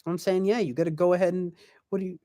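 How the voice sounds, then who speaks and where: A man's voice: sits high, steady tone, fast talker, warm tone, no echo, clean studio sound. A man hosting a podcast, talking in a casual, rambling way with lots of fillers and restarts. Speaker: podcast host.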